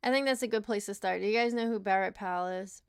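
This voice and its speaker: Young woman on a morning livestream, tired, gravelly voice, laughs and swears a lot. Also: medium pitch, fast talker, no echo, studio quality. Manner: chatty, laughing, swears casually. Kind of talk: casual livestream chat.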